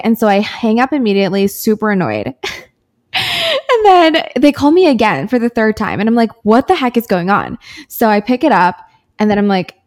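A young woman in her twenties co-hosting a casual chat show, telling stories with animated quoted voices. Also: mid-range voice. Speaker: podcast co-host.

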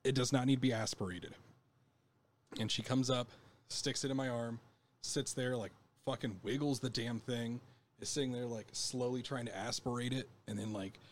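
A man's voice: mid-range voice, normal speed, a little hiss or hum. Blunt, swearing young podcast man. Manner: blunt, profane, animated retelling. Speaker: podcast co-host. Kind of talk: casual chat.

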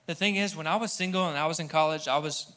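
Bright-voiced young man preaching. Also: a little high, fast. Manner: humorous, conversational, addresses the crowd directly. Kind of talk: sermon to a live congregation. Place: church hall with audience.

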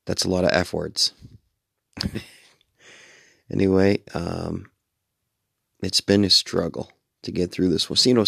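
Deep, gravelly, tired male radio host. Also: a bit bright, no echo, studio quality. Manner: tired, meandering, swears casually. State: sleepy, yawning. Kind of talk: late-night rambling radio monologue.

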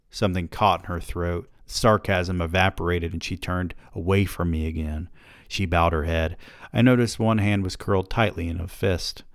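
A man hosting a podcast, reading first-person fiction aloud with measured, even narration. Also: deep voice, no echo, clean studio sound.

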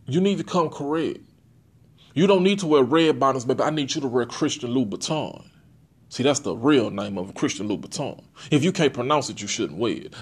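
A young man hosting his own podcast, talking bluntly and profanely in a casual, animated monologue. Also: a little high. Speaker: podcast host.

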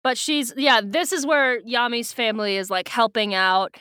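Young woman podcast cohost, swears a lot, giggly, higher pitch, dry close sound. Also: normal speed, sharp tone, smooth, no echo. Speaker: podcast co-host. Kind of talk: casual book recap chat.

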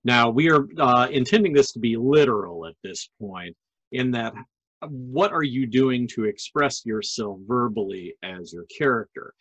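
Slow-talking joking male podcast host. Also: medium pitch, fairly bright tone, husky, dry recording, rough recording. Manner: chatty, joking. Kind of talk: casual chat.

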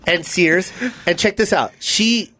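A man co-hosting a podcast, telling a story in casual chat with lots of profanity, swinging from loud bursts to hushed asides. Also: high voice, slow. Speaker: podcast co-host.

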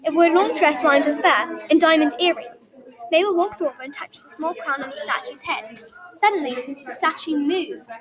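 A woman's voice: high voice, low-quality recording. A woman narrating a story aloud in an earnest way, with small slips and restarts. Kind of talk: storybook reading.

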